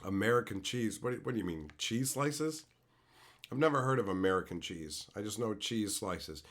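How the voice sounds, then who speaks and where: A young man from Canada, a streamer reading his live chat and ranting in loud, profane, mock-outraged bursts. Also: lowish voice, lively intonation, moderate pace, a little hiss or hum. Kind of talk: casual rant to live chat.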